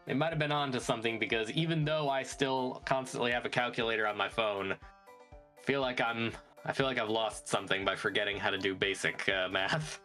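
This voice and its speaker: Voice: medium pitch, fairly even intonation, a little fast, bright, forceful tone, soft background music. A guest joining a stream over a voice call, talking in a rambling, self-deprecating way. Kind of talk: casual chat over a voice call.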